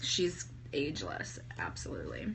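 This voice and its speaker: A woman in her thirties gushing excitedly to livestream viewers, talking to them by name, her throat sore from singing. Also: a bass voice, normal speed, gravelly. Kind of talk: casual livestream chat. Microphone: phone held at arm's length. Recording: phone livestream with faint ambient noise.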